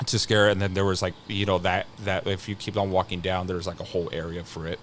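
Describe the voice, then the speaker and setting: A man in his thirties talks through a story as a podcast guest, his voice sitting a bit low. He rambles and stops and restarts constantly, dropping casual curse words as he goes. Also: flat delivery, fairly bright tone, a little hiss or hum. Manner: rambling, halting, with frequent restarts and casual swearing. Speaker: podcast guest, scare actor.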